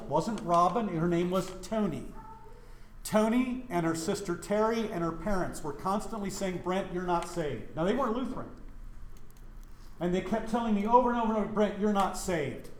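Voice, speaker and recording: A man's voice: high-pitched, echoey room, a little hiss or hum. A middle-aged man from Wyoming, a pastor teaching a Bible study in a church, who keeps asking his listeners questions. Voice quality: animated, questioning the audience.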